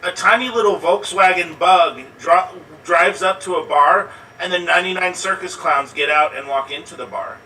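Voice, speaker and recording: Bright-voiced man telling improv jokes. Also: high-pitched, normal speed, few pauses, slight background noise. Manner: storytelling, builds to a pun. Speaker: improv player. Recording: distant mic.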